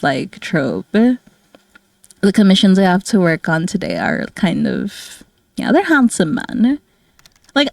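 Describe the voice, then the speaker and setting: A woman's voice: mid-range voice, no echo, clean studio sound. A young woman streamer chatting casually while she draws, bubbly and giggly. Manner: bubbly, giggly, full of "like" and "oh my God". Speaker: streamer and artist. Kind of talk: casual chat while drawing.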